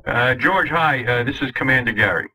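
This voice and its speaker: A man hosting a radio talk show, teasing his caller with quick interjections. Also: mid-range voice, expressive, bright, forceful tone, low-quality recording.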